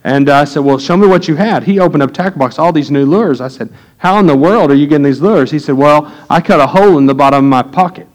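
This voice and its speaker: Man, middle-aged, pastor, sermon in church, folksy storytelling, slightly high pitch. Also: fast, hardly any pauses, rough recording. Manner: folksy storytelling, animated when quoting.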